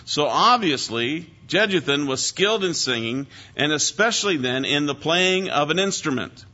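A man preaching an expository Bible lesson with a bright, forceful voice that sits a little high. He leans hard on key words and speaks earnestly. The recording sounds dull and lo-fi. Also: expressive, normal speed.

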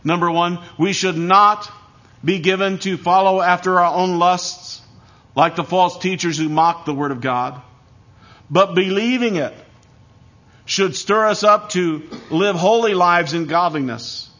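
A man preaching a sermon in a solemn, emphatic way, pausing to let his phrases land. His voice sits a little high. The recording is dull and lo-fi. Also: fairly bright tone. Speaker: pastor.

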